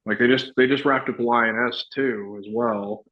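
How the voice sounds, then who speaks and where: A middle-aged man from Texas, an actor and retired soldier, chats as a guest in a casual interview, rambling through stories with many restarts and laughs. He speaks at normal speed in a steady, medium-pitched voice, and the audio sounds dull.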